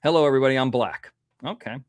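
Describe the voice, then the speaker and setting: A man's voice: medium pitch, very fast, no room sound. Rambling man hosting a livestream. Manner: rambling, reads out viewer donations. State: toothache. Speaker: livestream host. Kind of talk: casual livestream chat.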